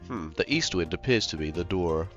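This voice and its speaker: A man with a very low voice comments casually on his own game. He is unwell and thinks aloud, rambling and poking fun at his own choices. Quiet game music runs in the background. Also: animated, moderate pace, lo-fi sound. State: ill. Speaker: game streamer.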